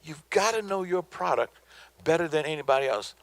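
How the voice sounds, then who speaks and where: A man's voice: a little high, expressive, a little fast, no room sound. A middle-aged man from the American South giving a motivational business talk, emphatic and preacherly, repeating his points for effect. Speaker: business speaker.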